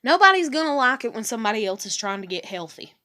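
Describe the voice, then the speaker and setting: A woman's voice: a little high, big pitch swings, fast talker, sharp tone. A woman ranting in a personal vlog, blunt, profane and passionate, rambling from one point to the next. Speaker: vlogger.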